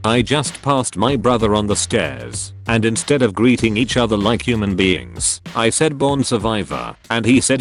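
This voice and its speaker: A man narrating funny online posts in a read-aloud comedic style. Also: fairly low pitch.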